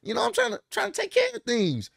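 A man doing a high, excitable voice of an overeager adult male wrestler who rambles on. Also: fast talker, creaky, no echo, clean studio sound, exaggerated voice. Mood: eager.

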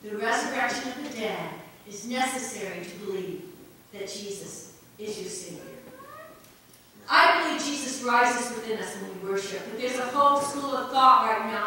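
Bright-voiced woman preaching in echoey church. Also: fairly high pitch, slight background noise. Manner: earnest preaching, swinging between emphatic and hushed. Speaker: pastor. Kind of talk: sermon. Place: church sanctuary. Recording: echoey church hall from far off.

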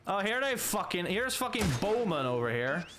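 A man's voice: high voice, big pitch swings, normal speed, noisy background. A man commentating a game as he plays, swearing and exasperated, taunting the enemies on screen. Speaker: let's play gamer. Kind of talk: casual gameplay commentary.

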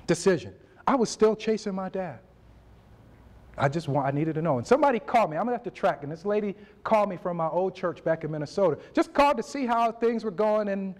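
A man in his forties giving a motivational speech at a university event, telling his story with animated delivery and acting out conversations. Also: high-pitched. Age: 40s. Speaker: motivational speaker.

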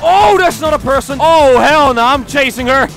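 A man commentating his own gameplay in a casual, excitable way, trash-talking and jumping between loud outbursts and hushed pleading. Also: very high voice, normal speed, vocal fry, loud music behind the voice. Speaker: gaming streamer.

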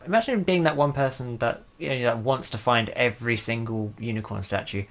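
Talking briskly in a mid-range, slightly bright voice, this man plays a video game and makes sarcastic jokes to himself and his audience. He's a gaming YouTuber doing casual gameplay commentary.

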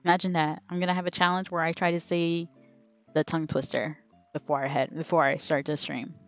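A woman's voice: low-pitched, flat delivery, brisk, soft background music. A woman game streamer chatting casually on a live stream, giggling as she stumbles over a tongue twister. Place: home streaming setup.

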